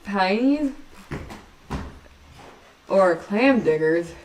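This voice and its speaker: A woman chatting casually on a livestream, wandering between thoughts and breaking into giggles as she teases herself. Her pitch sits at an ordinary middle height. She sounds a little removed from the microphone, as if sitting back from it. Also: lively intonation, extremely slow, darkish tone, far from the mic, a little hiss or hum. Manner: giggly, rambling, self-mocking. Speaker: livestream host.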